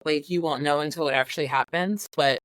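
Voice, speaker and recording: A woman guest on a podcast talking casually about a film, animated, laughing often and acting out her own reactions. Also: sits low, brisk, no echo.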